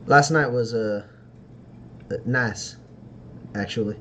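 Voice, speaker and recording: A man voicing an easygoing adult traveler in a tabletop game, halting and full of restarts. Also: medium pitch, background noise, natural voice. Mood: hesitant. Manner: halting, hesitant, many restarts. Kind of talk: in-character tabletop role-play.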